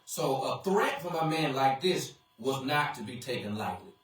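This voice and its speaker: A man's voice: medium pitch, expressive, moderate pace, a bit bright. A man serving as pastor who comments earnestly after the testimony, stressing his points and often repeating words as he begins. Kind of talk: sermon-style commentary. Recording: echoey hall, voice from far off.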